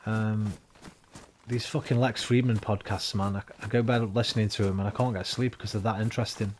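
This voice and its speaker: A man's voice: fairly low pitch, steady tone, fairly quick, a little mellow, slight background noise. A tired man chatting and rambling casually to his viewers while streaming a game. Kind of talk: casual live-stream chat while gaming.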